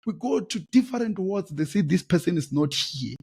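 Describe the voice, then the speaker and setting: A man in his late twenties with a South African accent, hosting a podcast and telling a personal story in an animated way, repeating phrases and breaking into exclamations. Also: on the high side, normal speed, breathy edge. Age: late 20s. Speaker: podcast host.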